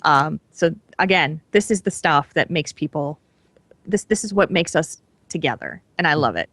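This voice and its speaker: A woman's voice: low-pitched, animated, normal speed, fairly bright tone, no room sound. A woman co-hosting a podcast in casual chat, talking with gushing enthusiasm. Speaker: podcast co-host.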